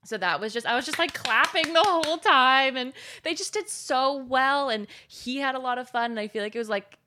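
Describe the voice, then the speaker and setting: A woman's voice: sits high, animated, fairly quick, background noise. A young woman co-hosting a podcast, telling a story in casual chat with lots of giggles. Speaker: podcast co-host.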